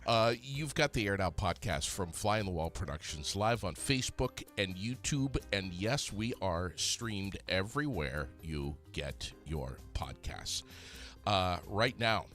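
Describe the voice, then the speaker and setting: A man's voice: low voice, lively intonation, measured pace, fairly bright tone, soft background music. A man co-hosting a podcast in a casual morning chat, rambling with fillers and restarts. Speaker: podcast co-host.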